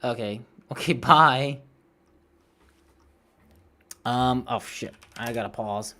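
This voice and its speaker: A late-twenties streamer with a youthful voice swears frequently as he rants, chats about gameplay, and reads viewer messages. His mid-range voice is slow, bright, and forceful.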